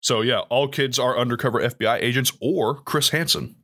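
A man's voice: mid-range voice, brisk, bright, forceful tone. A young man co-hosting a casual podcast, reading rules aloud and adding jokey asides. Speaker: podcast co-host. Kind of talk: casual chat.

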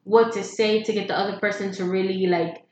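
A woman's voice: mid-range voice, brisk, reverberant, a little hiss or hum. A woman co-hosting a podcast, chatting casually while a little tipsy, with lots of fillers. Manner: tipsy, relaxed, many fillers. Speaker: podcast co-host. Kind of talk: casual chat.

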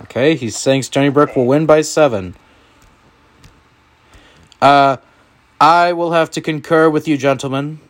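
A man hosting a casual sports picks podcast with friends, running the games in a playful, animated way. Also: on the high side, unhurried, long pauses. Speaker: podcast host.

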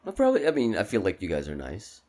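Animated man telling stories. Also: fairly low pitch, fast. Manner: animated storytelling, laughs often. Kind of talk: casual chat.

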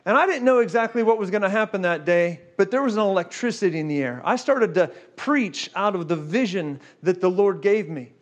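Male preacher with a high voice, animated and fast in the story parts of a sermon. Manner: animated, fast storytelling with repeated "okay?" and "guess what".

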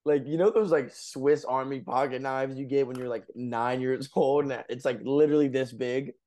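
A young man telling a story on a podcast in loose, rambling style. He fills his sentences with filler words and chuckles between lines, and his voice sits at an ordinary middle pitch. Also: fairly even intonation, moderate pace, mellow. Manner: rambling, lots of fillers, laughs while telling. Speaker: podcast co-host. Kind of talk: casual storytelling.

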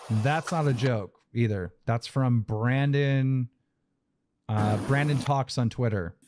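A man's voice: mid-range voice, sing-song, takes it slowly, noisy background. A man hosting a live podcast stream, ranting in exasperation and swearing emphatically. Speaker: podcast host. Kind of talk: heated live-stream rant.

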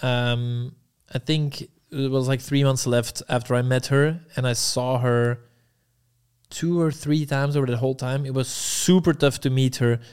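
Smooth-voiced young man telling a story. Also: mid-range voice, steady tone, measured pace, darkish tone. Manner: laid-back, swears freely, acts out quotes. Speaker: podcast guest. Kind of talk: casual storytelling chat.

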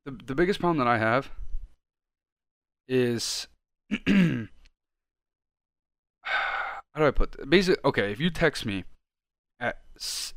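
A young man co-hosting a podcast, talking in a casual, profane rant that keeps getting louder. His voice sits in a middle register and is recorded close and dry, with no room sound. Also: mid-range voice, clean tone, dry recording. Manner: loud, ranting, profane, gets animated. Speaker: podcast co-host.

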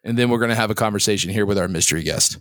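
A man hosting a podcast in casual chat, asking teasing, probing questions with quick restarts. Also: fairly low pitch, a bit bright, no room sound, studio quality. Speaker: podcast host.

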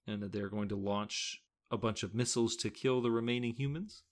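A man's voice: fairly low pitch, fairly quick. A man co-hosting a casual movie podcast, retelling the plot and arguing his point with rising emphasis. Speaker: podcast co-host. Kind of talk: casual movie-review chat.

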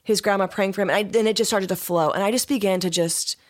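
A woman pastor tells a story as a guest on a podcast, speaking at a middle pitch. She is animated and laughs often as she goes. Her manner stays casual and talkative. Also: fast.

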